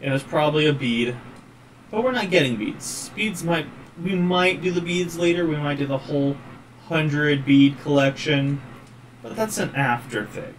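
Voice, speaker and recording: Casual let's-play host, slightly high voice. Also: male voice, normal speed. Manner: casual, rambling. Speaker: gaming channel host. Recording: faint noise, distant mic.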